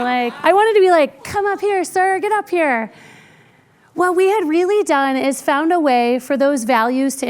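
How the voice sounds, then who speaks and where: A woman speaking as a keynote speaker, telling workplace stories conversationally and acting out what people said in quieter voices. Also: high voice. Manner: lively, acts out quoted people in quieter voices; conversational with frequent "like" and "right?". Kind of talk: keynote storytelling.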